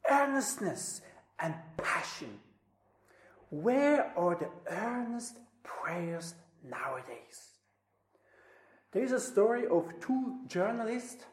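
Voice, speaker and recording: A woman preaching a sermon, swinging between loud emphasis and near-whispers. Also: fairly high pitch. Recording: roomy echo.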